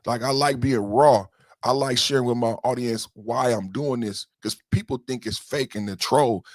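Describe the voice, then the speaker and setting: A man's voice: medium pitch, moderate pace, no echo, clean studio sound. A man hosting a podcast in heated livestream commentary, emotional and profane, repeating himself and answering chat commenters directly. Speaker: podcast host.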